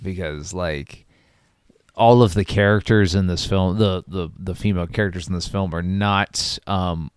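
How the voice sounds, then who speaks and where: A man from Florida co-hosting a casual film review, speaking haltingly with many fillers and restarts. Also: deep voice, clean tone, no echo, studio quality. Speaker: podcast co-host.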